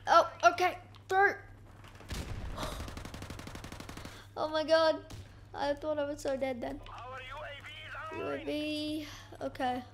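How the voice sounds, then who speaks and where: High-voiced excitable woman gamer. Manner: excitable, self-mocking, quick exclamations. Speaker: gaming YouTuber. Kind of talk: gameplay commentary.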